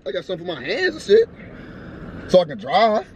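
A man's voice: high voice, wildly swooping pitch, a little fast. A man co-hosting a prank channel, bantering in a car in a teasing, boastful way and swearing heavily. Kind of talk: casual banter. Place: inside a car. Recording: loud car noise.

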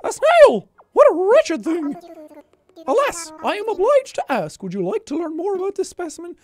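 A man's voice: extremely high pitch, huge pitch swings, normal speed, voice pushed up, heavily acted. A man voicing a fussy, old-fashioned male owl who runs a museum, prim and squeamish.

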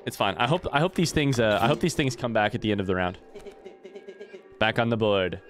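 A man's voice: medium pitch, expressive, fast talker, faint music behind. A man streaming a video game, thinking aloud in casual commentary and swearing freely. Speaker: let's play streamer.

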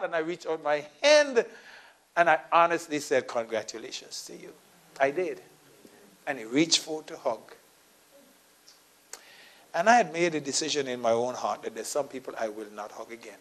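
A man pastor preaching a sermon in church, telling a personal story and acting out the dialogue, swinging from quiet asides to loud emphatic preaching. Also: fairly high pitch, animated, moderate pace, long pauses. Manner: storytelling, acting out his own quoted dialogue; laughs at his own story.

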